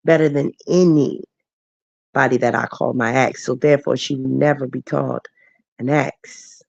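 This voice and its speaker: A woman's voice: very deep voice, steady tone, moderate pace, creaky, a little mellow, no echo, highs cut off. A woman hosting a late-night livestream chat, emotional and laughing as she answers her viewers by name. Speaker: livestream host.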